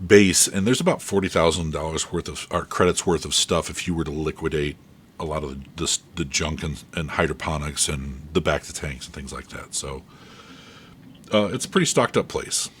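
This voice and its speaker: Deep voiced guy running the game, laid back, little bit of hiss behind. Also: normal speed. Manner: relaxed, describing scenes. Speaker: game master. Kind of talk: narrating a tabletop game.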